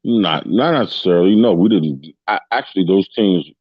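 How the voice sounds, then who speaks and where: A very deep-voiced man hosts a casual fan podcast, rambling on with restarts and constant check-ins with his listeners. The sound is dry and close, a little dull and lo-fi. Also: lively intonation, moderate pace, slightly rough, no room sound. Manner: rambling, loose and chatty, with many restarts and tag questions. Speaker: podcast host.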